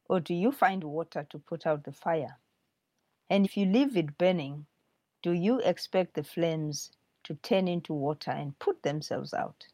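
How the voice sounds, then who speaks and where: Fierce accusing young girl, read by a woman, low voice, dry sound. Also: a little mellow, dry recording. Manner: accusing, reading aloud. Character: fierce young African girl scolding her emigrant friend.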